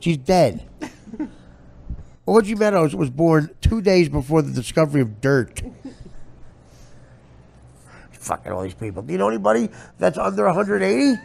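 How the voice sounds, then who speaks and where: A man's voice: a little high, very animated, normal speed, gravelly, long pauses, darkish tone. A man hosting a comedy podcast, roasting his guest with sarcastic, profane banter into a studio mic. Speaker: podcast host.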